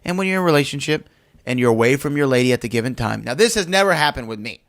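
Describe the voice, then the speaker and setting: A man hosting a podcast in casual chat, telling stories in an animated, teasing way. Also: medium pitch, rapid-fire. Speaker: podcast host.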